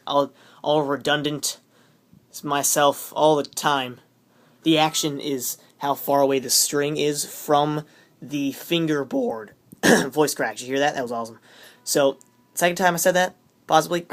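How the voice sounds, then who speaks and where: A man's voice: medium pitch, bright, forceful tone. A teenage boy rambling in a goofy, jokey way for his vlog, interrupting himself often. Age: teens. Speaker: vlogger. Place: his room.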